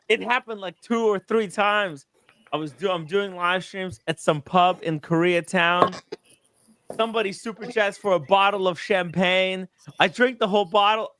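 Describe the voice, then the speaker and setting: A man's voice: sits high, sharp tone, no room sound. A man hosting a live stream chat, reacting a lot and stammering as he tells his story. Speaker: host.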